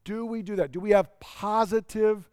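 A man's voice: high voice, fairly even intonation, moderate pace, darkish tone, clear, resonant tone, no echo. A middle-aged man preaching a sermon, earnest and personal, often putting questions to his listeners. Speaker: pastor.

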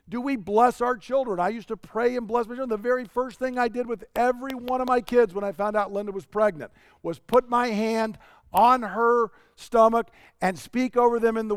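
High, smooth-voiced male preacher. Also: no echo, clean studio sound. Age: middle-aged. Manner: earnest, personal, asks the audience questions. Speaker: pastor. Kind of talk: sermon.

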